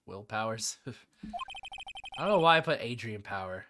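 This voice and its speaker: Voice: mid-range voice, animated, moderate pace, background noise. A co-host commenting casually on a video game with rambling, self-mocking asides. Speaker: let's play co-host. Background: loud game music.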